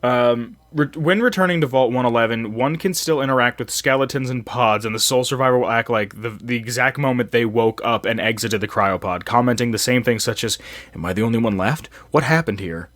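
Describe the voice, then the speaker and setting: A man's voice: medium pitch, fairly quick, few pauses, fairly bright tone, no room sound. A man hosting a casual podcast, reading game facts aloud in a loose, swearing, chatty way. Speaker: podcast host.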